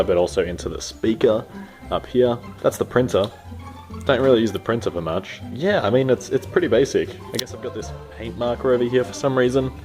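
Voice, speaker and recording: Low-voiced man rambling casually. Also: a little mellow. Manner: loose, rambling, joking. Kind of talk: improvised casual tour.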